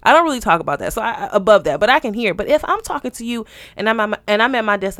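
Rapid-fire with few pauses, a woman with a slightly high voice co-hosts a podcast, recorded dry. She tells a story in casual chat, animatedly performing the voices of people she quotes.

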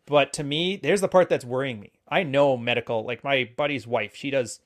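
A man co-hosting a podcast, talking in casual chat with blunt, joking opinions. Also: medium pitch. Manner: speaks quickly in long runs. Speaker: podcast co-host.

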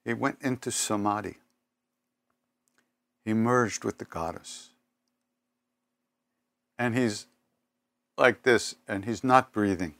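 An older man giving a spiritual talk, telling personal stories in an unhurried, reflective way with pauses and self-corrections. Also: on the low side, vocal fry, fairly bright tone, dry recording. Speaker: spiritual teacher.

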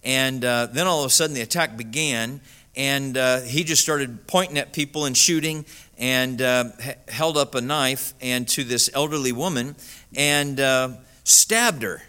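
Male pastor, sermon storyteller, bright forward tone, filler-heavy delivery. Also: mid-range voice, a little slow, smooth. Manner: storytelling with many "uh" fillers, rising to emphatic peaks.

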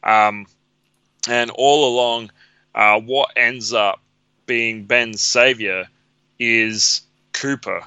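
A man co-hosting a casual chat, explaining in a relaxed way. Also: medium pitch, very slow, long pauses, clear, resonant tone, no room sound. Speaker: podcast co-host. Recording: dull lo-fi recording.

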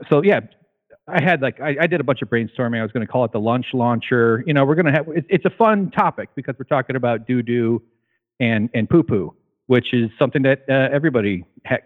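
A man chatting casually as a guest, rambling with lots of fillers and restarts, a little out of breath. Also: medium pitch. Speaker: guest caller. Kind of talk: casual chat. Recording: tinny phone line.

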